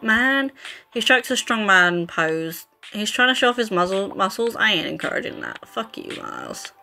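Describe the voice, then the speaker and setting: A woman's voice: medium pitch, wildly swooping pitch, unhurried, gravelly, pushed and bright, faint music behind. A woman casually commenting on a dating game as she plays, reading its text aloud and swearing freely. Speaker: gaming YouTuber. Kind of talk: casual let's play commentary.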